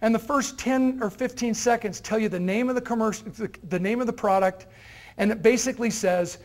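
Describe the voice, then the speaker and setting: A man giving an energetic, joking motivational talk to university students, telling anecdotes and acting out quotes. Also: high voice, brisk. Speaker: motivational speaker. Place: university room with a live audience.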